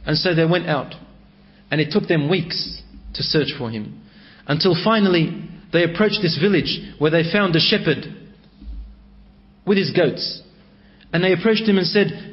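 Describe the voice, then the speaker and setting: A man with a high voice, telling a religious story with dramatic, emotive delivery. The recording is dull and lo-fi. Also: lively intonation, unhurried.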